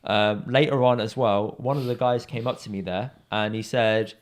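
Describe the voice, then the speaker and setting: A young man from in England, co-hosting a podcast, telling a pub story in a casual chat and acting out the people he quotes. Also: moderate pace. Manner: animated storyteller, acts out quoted voices with big pitch jumps. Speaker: podcast co-host.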